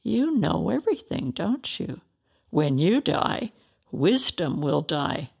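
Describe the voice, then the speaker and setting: A woman's voice: deep voice, sing-song, slow pace, gravelly, darkish tone, husky, exaggerated voice. A woman voicing an anguished, ruined man pleading.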